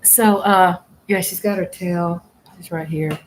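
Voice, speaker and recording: A woman's voice: lowish voice, fairly even intonation, a little slow, slight background noise, low-quality recording. A woman hosting a casual live stream, chatting in a rambling way, laughing often and trailing off mid-sentence. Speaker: livestream host. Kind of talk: casual live chat while working.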